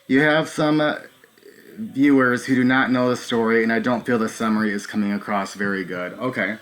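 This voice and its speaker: Halting man hosting a live stream. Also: medium pitch, steady tone, fairly bright tone. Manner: halting, many filler ums, nervous; talks to viewers directly. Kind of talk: live stream recounting events.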